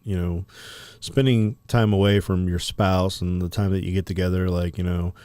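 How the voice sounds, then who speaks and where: A man's voice: low voice, level tone, normal speed, warm tone, clear, resonant tone, dry recording. A man co-hosting a podcast, telling a story in a rambling, casual way full of fillers and profanity. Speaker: podcast co-host.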